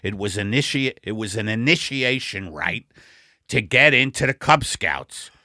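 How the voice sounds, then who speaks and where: Man playing a gravelly low husband, sheepish mumble, dry close sound. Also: animated, a little slow, sharp tone, dry recording, exaggerated voice. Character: bumbling middle-aged husband Al, hapless and apologetic. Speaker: comedy podcast co-host. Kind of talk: improvised comedy sketch.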